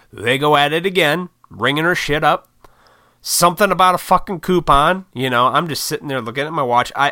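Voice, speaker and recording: Medium-pitched and pushed bright, the voice is heard in clean studio sound with no room sound. He's a tired vlogger casually telling the camera a rambling, profane tale, laughing at his own lack of patience.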